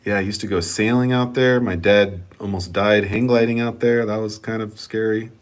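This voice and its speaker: In a relaxed vlog, a man who hosts the channel reads out viewer comments, rambling and cursing without restraint. His voice is lowish and steady, and he keeps a moderate pace.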